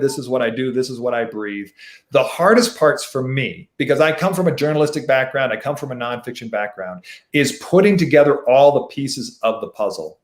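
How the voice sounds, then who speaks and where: A man, a mystery author, chatting on a video call in a rambling way, often restarting his phrases. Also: medium pitch. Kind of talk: casual conversation. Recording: roomy echo.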